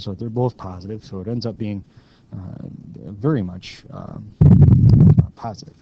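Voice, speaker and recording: A man's voice: deep voice, dark tone, lo-fi sound, a little hiss or hum. A man teaching calculus in a casual, step-by-step lecture, stopping now and then to correct his own slips. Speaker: math teacher.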